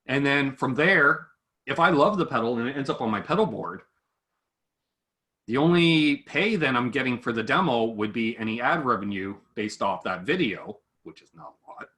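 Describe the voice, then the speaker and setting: Bright-voiced man in lively chat. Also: mid-range voice, normal speed. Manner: animated, acts out quoted voices. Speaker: guitar gear demo creator. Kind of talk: casual chat between online creators.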